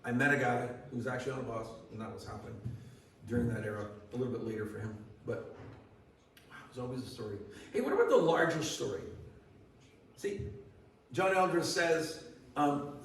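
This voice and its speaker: A man's voice: medium pitch, lively intonation, brisk, long pauses. A man giving a sermon as pastor, in a conversational way that asks the congregation questions. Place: church hall. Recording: echoey church hall from far off.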